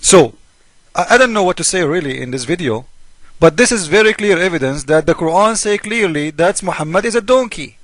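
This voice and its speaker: A man's voice: sits high, lively intonation, a little fast, a bit bright, no room sound. A man speaking in an emphatic, mocking casual monologue, with broken English grammar. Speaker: video commentator.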